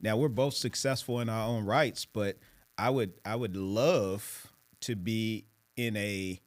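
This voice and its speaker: A man hosting a podcast, talking in an earnest, deliberate way. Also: fairly low pitch, steady tone. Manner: earnest, deliberate, speaks slowly when challenging listeners. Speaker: podcast host. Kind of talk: casual conversation.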